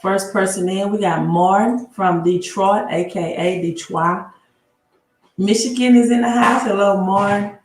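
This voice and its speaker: A woman's voice: medium pitch, a little slow. A woman hosting a live stream about credit. She greets viewers by their cities in a casual chat and often adds tag questions. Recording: roomy home room with faint background noise.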